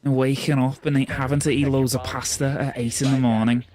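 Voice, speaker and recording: A man's voice: mid-range voice, little pitch movement, a little fast, crowd noise, natural voice. A man doing a Scouse footballer impression. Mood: mock-weary. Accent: Liverpool. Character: male pro footballer, Scouse accent impression.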